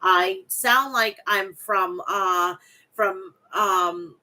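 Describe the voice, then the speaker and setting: A woman's voice: mid-range voice, drawn-out words, bright, forceful tone. A woman from Long Island with a thick New York accent and a nasal voice, chatting bluntly and recapping wrestling as a podcast host. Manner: chatty, blunt, swears freely. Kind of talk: casual chat and recap reading.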